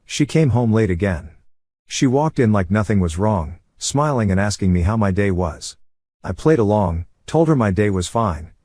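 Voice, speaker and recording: A man narrating a first-person story in a steady, measured way. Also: lowish voice, dry recording.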